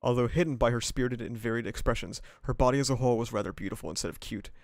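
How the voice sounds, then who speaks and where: A man with a mid-pitched voice reads a novel aloud on a live stream and stops often for crude, laughing reactions. The sound is close and dry, with no room echo. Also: rapid-fire. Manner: casual and profane, breaking into laughs and asides.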